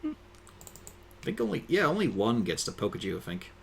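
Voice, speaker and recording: A man's voice: medium pitch, huge pitch swings, fairly quick, creaky, breathy edge. A man narrating and refereeing a tabletop game in a casual, joking way. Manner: casual, swearing, laughing between calls. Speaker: dungeon master.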